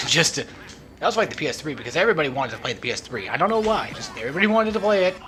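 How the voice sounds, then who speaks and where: Rambling young man with a bright voice. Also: on the high side, big pitch swings, racing, slight background noise. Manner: rambling, drifts off topic; joking, laughs often. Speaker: let's play host. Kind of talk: casual gaming commentary. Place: at home, not alone.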